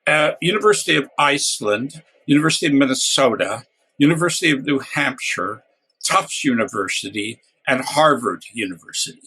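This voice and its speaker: An older man, a guest author, talking casually with frequent pauses and wry humor. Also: mid-range voice, expressive, sharp tone, slightly rough. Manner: hesitant, many uhs and restarts, wry humor. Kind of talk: casual podcast interview.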